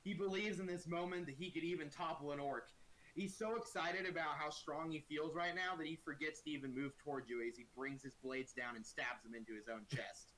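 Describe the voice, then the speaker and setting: A man's voice: on the high side, steady tone, a little fast, fairly bright tone, slight background noise. A man narrating a tabletop game as game master in a playful, dramatic way.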